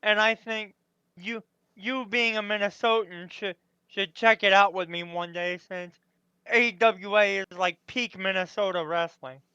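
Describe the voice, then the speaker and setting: A man's voice: sits high, fairly even intonation, unhurried, bright, forceful tone, smooth, dry recording, dull audio. A man in casual chat who keeps asking his friends questions. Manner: curious, asks questions.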